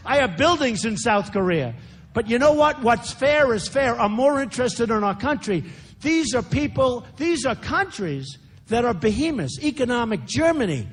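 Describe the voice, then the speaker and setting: A man's voice: very high voice, slight background noise. An older man with a New York accent, delivering a campaign speech at a large rally with repetitive, boastful phrasing and chatty asides to the crowd. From United States. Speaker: candidate speaking at a rally. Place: large indoor rally venue.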